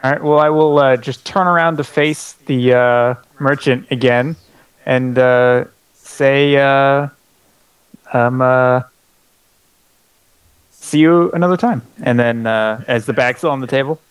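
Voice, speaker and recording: A man's voice: medium pitch, level tone, unhurried, smooth, no echo, poor audio. A young man playing a tabletop game, hesitant and full of fillers. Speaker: player. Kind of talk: casual tabletop play.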